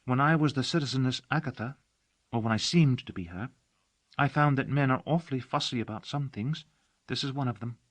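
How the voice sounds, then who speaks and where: A man's voice: medium pitch, brisk, dry recording, voice pushed up, lightly acted. A man reading an audiobook, voicing a devoted young female servant who talks earnestly and dotingly. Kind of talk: audiobook character voice.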